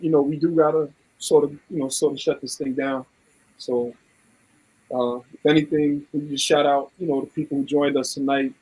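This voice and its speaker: A man's voice: medium pitch, warm tone, slightly rough, rough recording. A man hosting a casual live talk show, teasing and playful as he wraps things up. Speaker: host.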